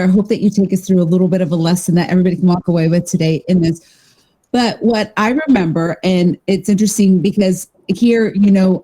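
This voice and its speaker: Woman host, effusive and rambling, mellow timbre. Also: mid-range voice, low-quality recording. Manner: effusive, rambling, warmly enthusiastic. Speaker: podcast host. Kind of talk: casual interview chat.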